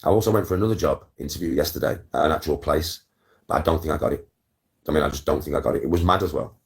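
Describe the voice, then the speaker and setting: A man's voice: very deep voice, racing. A man in his forties, telling a story to his viewers in a boastful, swearing, chatty way. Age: 40s. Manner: boastful, swears a lot, keeps checking in with viewers. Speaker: content creator. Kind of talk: casual storytelling to camera.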